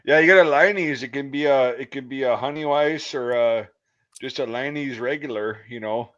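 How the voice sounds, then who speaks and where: A man's voice: mid-range voice, normal speed, a bit bright. A man telling stories in casual banter, rambling and swearing freely with laughs. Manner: rambling, profane, laughing storyteller. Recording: dull lo-fi sound.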